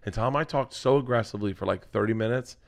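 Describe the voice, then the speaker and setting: A man on a podcast, casually telling a funny story and reacting loudly. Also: fairly low pitch, fast talker, vocal fry. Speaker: podcast co-host.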